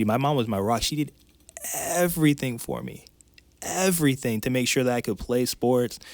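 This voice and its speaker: Man, mid-pitched, candid emotional storytelling, dry voice. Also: dry recording. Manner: candid and emotional, tumbling phrases with restarts. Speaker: podcast guest, life coach. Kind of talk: personal storytelling in conversation.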